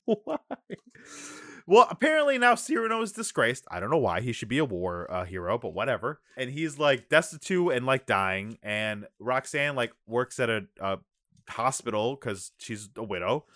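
A man's voice: medium pitch, normal speed, no room sound. Guy ranting through a movie plot, swears, voice all over the place, dry close sound. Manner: animated, swearing, acts out characters' lines. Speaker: podcast co-host. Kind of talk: casual movie recap chat.

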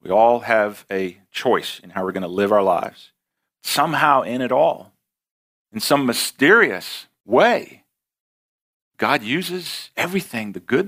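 An American man delivers a sermon in a mid-pitched voice, pushing up for emphasis and easing into slow, careful readings of scripture. His delivery is animated and earnest. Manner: expressive preaching, rising for emphasis, slowing on scripture. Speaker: pastor.

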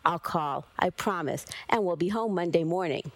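A woman voicing a gentle young male clay golem who speaks slowly and softly, in few words, in a storybook reading. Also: fairly low pitch, dry recording, lightly acted. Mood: reassuring. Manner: slow, soft, few words. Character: gentle gray clay golem son, young man, quiet.

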